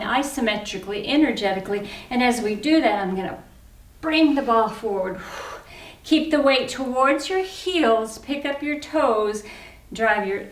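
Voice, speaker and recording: A woman leading an exercise class for older adults, counting reps and cheering people on, a little out of breath. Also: a little high. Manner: encouraging, counts reps aloud, cheers on the last reps. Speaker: fitness instructor. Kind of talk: guided exercise class instruction. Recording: echoey room, mic at a distance.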